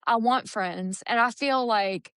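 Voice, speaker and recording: Woman opening up about her recovery, smooth clear voice, dry close sound. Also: a little high, unhurried, fairly bright tone, no echo. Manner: open, earnest storytelling. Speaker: podcast co-host. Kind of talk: casual recovery podcast chat.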